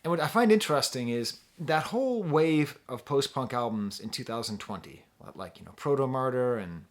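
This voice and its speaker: A man's voice: medium pitch, animated, normal speed. A middle-aged American man hosting a music review, talking casually in a chatty, rambling, self-deprecating way with frequent restarts. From United States.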